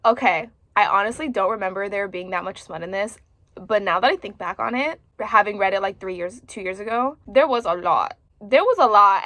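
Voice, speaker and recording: A woman in her twenties chatting casually as a book vlogger, expressive and full of filler words. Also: fairly high pitch, no echo. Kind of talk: casual chat to camera.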